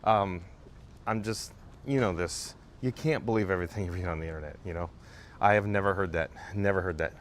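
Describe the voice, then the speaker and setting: A man's voice: low-pitched, fairly quick, slight background noise. A man hosting a live stream while he walks, reading chat aloud and answering in a chatty, emphatic way, repeating viewers' names. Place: outdoors in a theme park.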